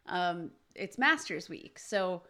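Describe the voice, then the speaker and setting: A woman's voice: lowish voice, very animated, slow pace, bright, forceful tone. A woman co-hosting a casual sports podcast who drifts into jokey, rambling tangents. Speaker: podcast co-host.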